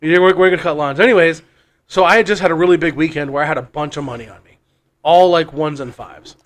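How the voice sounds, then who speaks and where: A podcast co-host spins a long, meandering story in a casual, profane way. His voice sits a little high for a man, and he keeps doubling back over his own words. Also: fast talker. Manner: rambling and profane, with frequent restarts and laughs.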